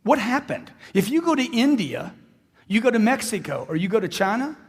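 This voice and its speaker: A man's voice: high-pitched, big pitch swings, fairly quick, slightly rough. A man giving an emphatic motivational stage speech, repeating lines for effect and firing questions at the crowd. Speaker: motivational speaker. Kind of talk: live stage speech to an audience. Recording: long hall reverb.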